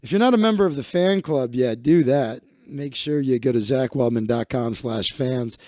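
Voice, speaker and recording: A man's voice: mid-range voice, normal speed, a little mellow, no echo, studio quality. A man hosting a comedy livestream, rambling and self-mocking in a casual monologue. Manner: rambling, self-mocking, laughing at own jokes.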